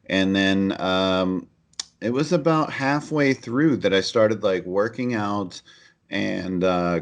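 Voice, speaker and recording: A middle-aged man speaking as a podcast guest, telling his personal story in an earnest, candid way, with many fillers and restarts. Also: low-pitched. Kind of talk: conversational storytelling.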